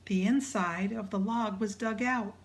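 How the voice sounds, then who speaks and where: A woman reading a children's storybook aloud, hushed in quiet passages. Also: mid-range voice, steady tone, unhurried. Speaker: audiobook narrator.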